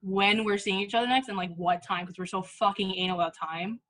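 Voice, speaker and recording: A woman's voice: medium pitch, a little fast, a bit bright. A woman in her twenties hosting a podcast, chatting casually, laughing often and swearing freely. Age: 20s. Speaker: podcast host. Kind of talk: casual chat.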